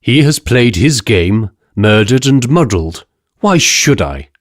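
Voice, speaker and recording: A man's voice: mid-range voice, big pitch swings, slow, no room sound, clean studio sound. A man voicing an indignant, scornful older male scientist and father in an audiobook.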